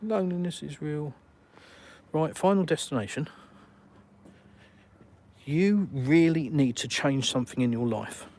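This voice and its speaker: A man's voice: on the high side, measured pace, pauses often, darkish tone. An Englishman live-streaming from his phone while walking around outdoors, reading viewer comments in a blunt, outspoken way and swearing casually. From England.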